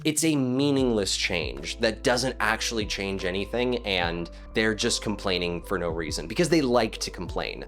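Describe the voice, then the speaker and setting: A man's voice: on the low side, a bit bright. Profane, heated male commentator. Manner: profane, heated, stammering restarts. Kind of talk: casual ranting commentary.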